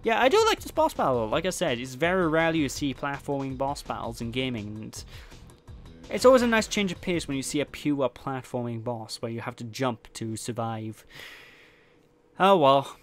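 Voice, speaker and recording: A man's voice: mid-range voice, very animated, moderate pace, soft background music. A man from Wales giving casual, jokey commentary on his gameplay, chatting directly to his viewers. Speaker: let's play host.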